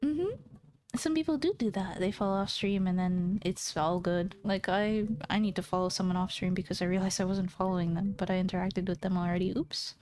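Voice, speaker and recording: Her voice sits lowish and her tone is darkish, and she talks fairly quickly over faint background music. She's a streamer in a casual, giggly chat with her audience, teasing playfully and speaking right to them.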